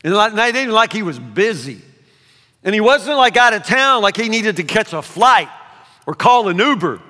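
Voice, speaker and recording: Male pastor, fairly high and bright, preaching in a reverberant hall; loud bursts, then hushed asides. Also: sing-song, normal speed. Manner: swings between loud emphasis and hushed asides, repeats words. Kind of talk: sermon. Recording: long reverb of a large hall.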